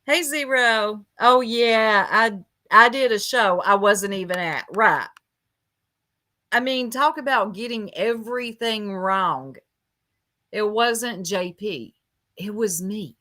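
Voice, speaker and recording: A woman's voice: lowish voice, takes it slowly, bright, forceful tone. A woman hosting a casual livestream, gossiping with chat and greeting viewers by name, laughing often. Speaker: livestream host.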